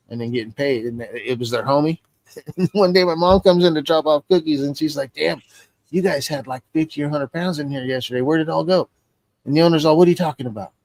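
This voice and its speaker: A man's voice: mid-range voice, no echo. A man hosting a stream, telling a long, rambling story in casual, profane chat and acting out the voices of the people in it. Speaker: stream host.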